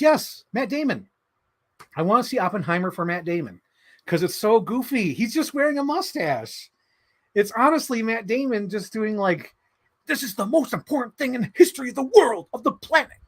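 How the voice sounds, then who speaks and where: Excitable man chatting on a livestream. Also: fairly high pitch. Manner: animated, excitable, lots of fillers and impressions. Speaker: livestream host reading chat. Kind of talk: casual livestream chat.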